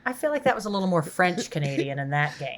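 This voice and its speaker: A woman guesting on a podcast, with a voice on the low side for a woman. She chats casually and enthusiastically, often hedging what she says. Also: very animated, fast talker, a crowd in the background. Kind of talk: casual chat.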